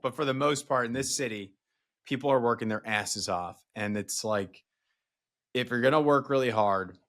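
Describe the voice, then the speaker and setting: A man's voice: medium pitch, normal speed, fairly bright tone. A man hosting a casual interview, reacting with interest and asking follow-up questions. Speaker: podcast host.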